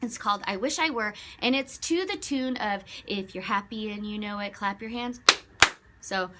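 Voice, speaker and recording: A woman, a children's librarian, reading a picture book aloud to children with lively expression and questions for her listeners. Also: mid-range voice, moderate pace.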